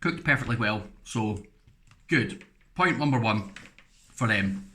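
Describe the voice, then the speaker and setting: A man's voice: on the low side, animated, slow, bright, forceful tone. An English man giving a casual, frank food review, rambling through chatty asides as he tastes.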